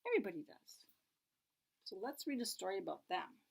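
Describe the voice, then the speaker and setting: A woman reading picture books aloud at a children's story time, playful and expressive, dropping to a soft hush for asides to the little ones. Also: medium pitch, a little fast, gravelly, breathy edge.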